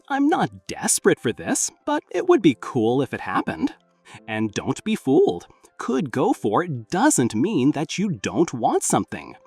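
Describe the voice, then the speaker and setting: A narrator reading a scripted English lesson in a lively, emphatic explaining manner. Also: medium pitch, no room sound. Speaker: English teacher.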